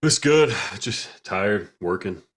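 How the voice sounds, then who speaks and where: Animated, jokey man with a lowish voice. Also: takes it slowly. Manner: animated, jokey, playfully dramatic. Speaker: podcast co-host. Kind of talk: casual gaming podcast chat.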